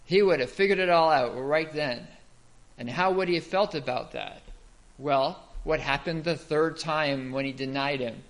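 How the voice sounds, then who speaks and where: A man's voice: a little high, normal speed. A man giving a Bible teaching talk, explaining step by step and asking the listeners rhetorical questions.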